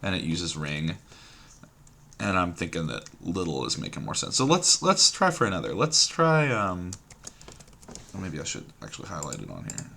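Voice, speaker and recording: A man's voice: deep voice, wildly swooping pitch, moderate pace, creaky, pushed and bright. A man thinking aloud while solving a word puzzle at his computer, musing and hesitant, trailing off and repeating words to himself. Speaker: puzzle game streamer.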